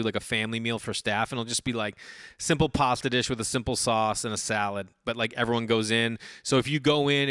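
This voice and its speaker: A man in his thirties talks casually into a podcast mic, telling a story in a loose, rambling way full of restarts and curse words. His voice sits at an ordinary middle pitch, and the sound is close and dry, with no room around it. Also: clear, resonant tone, no room sound. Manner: rambling, animated storytelling with swearing and many restarts. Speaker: podcast host.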